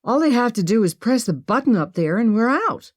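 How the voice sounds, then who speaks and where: Audiobook heroine: impulsive, cheerful young woman, high and lively, read by a woman. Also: brisk, no room sound, studio quality. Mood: upbeat. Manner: breezy, brushes off worry. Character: impulsive upbeat young woman treasure hunter.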